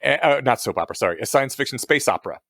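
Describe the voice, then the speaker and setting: A man co-hosting a podcast, chatting casually and relaxed, often agreeing briefly. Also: medium pitch, rapid-fire, no echo, studio quality. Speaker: podcast co-host. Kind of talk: casual chat.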